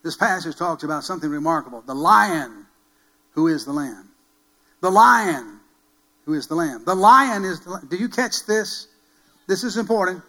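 A man preaches a sermon as pastor in a high-pitched, expressive voice at normal speed, recorded at low quality. Emphatic throughout, he asks the congregation questions and repeats key phrases with rising force until he builds to loud calls.

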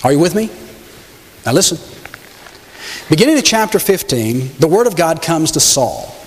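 Male preacher, sermon, emphatic storytelling, lively voice, long hall reverb. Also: fairly high pitch, normal speed. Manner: emphatic, storytelling, addresses the congregation directly.

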